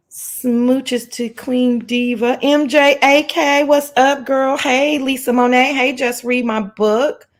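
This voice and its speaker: A woman hosting a casual livestream chat from her laptop, sassy and playful, greeting viewers by name in a lively sing-song. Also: high-pitched. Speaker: livestream host. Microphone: laptop mic.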